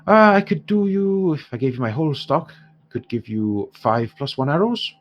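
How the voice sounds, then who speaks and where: A man's voice: animated, moderate pace, lo-fi sound, lightly acted. A man voicing a greedy, cheeky male dwarf shopkeeper with an Irish accent and a wheedling sales patter. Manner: wheedling sales patter, jumps high in pitch.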